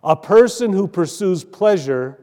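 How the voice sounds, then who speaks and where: A man's voice: high voice, animated, measured pace, dark tone, long reverb tail. A man preaching a sermon as pastor, earnest and emphatic, stretching out key phrases.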